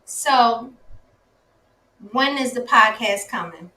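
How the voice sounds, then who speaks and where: A woman hosting a casual live-stream interview, effusive and quick to exclaim. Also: a little high, sharp tone. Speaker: host. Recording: echoey room.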